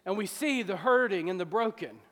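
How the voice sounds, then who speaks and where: Fervent high-voiced male pastor preaching. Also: animated, a little fast, big-room sound. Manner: fervent, swings from soft confiding to loud shouting. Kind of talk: sermon. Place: church sanctuary with long reverb.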